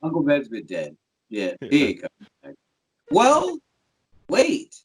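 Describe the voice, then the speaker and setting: A man's voice: on the high side, wildly swooping pitch, slow pace, slightly rough, rough recording. A man cohosting a podcast, rambling in casual chat and swearing casually.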